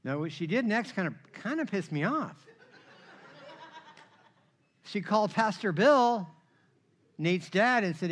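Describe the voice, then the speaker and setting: A middle-aged male pastor preaching a sermon with personal testimony, telling his story with lively energy, acting out quoted voices and often asking "right?". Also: high voice, unhurried, pauses often.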